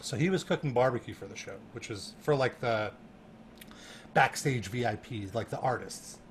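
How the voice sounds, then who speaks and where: A man telling a story in a casual chat, animated and laughing, full of fillers and restarts. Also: medium pitch, normal speed, slight background noise. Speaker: guest.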